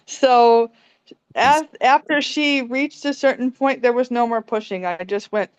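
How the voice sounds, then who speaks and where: A young woman calmly sharing a personal story on a video call, soft-spoken and quick to laugh. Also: a little high, clean tone, dry recording. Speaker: meditation group participant. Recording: dry, dull lo-fi call audio.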